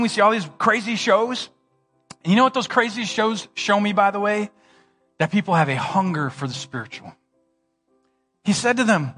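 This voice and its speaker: A man's voice: very high-pitched, bright, forceful tone, breathy edge. A male pastor preaching a sermon, acting out the scene with playful slang. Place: church hall.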